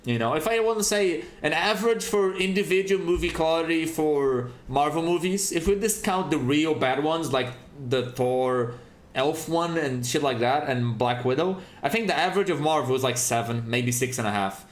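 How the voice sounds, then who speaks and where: A man's voice: a little high, normal speed, echoey room. A man streaming a game and chatting casually, ranting with lots of swearing. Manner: profane, animated ranting. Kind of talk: casual chat while gaming.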